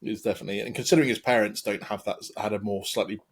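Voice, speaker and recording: A man's voice: on the low side, steady tone, very fast, husky. An English man hosting a podcast, chatting casually and rambling with many ums and restarts. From England. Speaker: podcast host. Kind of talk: casual chat.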